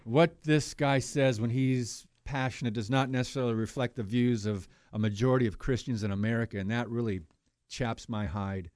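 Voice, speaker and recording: A man hosting a Christian talk radio show, giving heated, preachy commentary that swings between loud outbursts and quiet asides. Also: medium pitch, steady tone, normal speed, smooth, no echo, studio quality.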